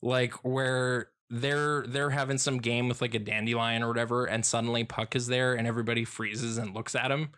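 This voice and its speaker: A man's voice: medium pitch, level tone, moderate pace, few pauses, fairly bright tone, smooth. A man co-hosting a podcast, chatting casually about a comic in a rambling way, with lots of fillers and restarts. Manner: rambling, many fillers and restarts, laughs often. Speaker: podcast co-host.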